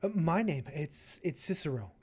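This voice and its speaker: A man voicing a lofty, grandiose idealist artist who speaks in measured phrases. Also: a little high, expressive, darkish tone, husky.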